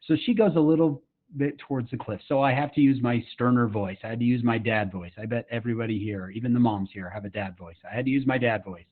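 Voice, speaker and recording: Thin, tinny, phone-line audio carries an ordinary-pitched voice: a middle-aged man from Utah, USA, speaking at a summit. He shares a personal story earnestly and chattily, with frequent fillers, asides to the audience, and regular questions to the listeners.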